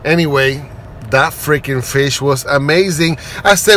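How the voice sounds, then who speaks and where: A man reviewing restaurant food in a casual vlog, excitable and playful, punning and breaking into high exclamations. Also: unhurried, slight background noise.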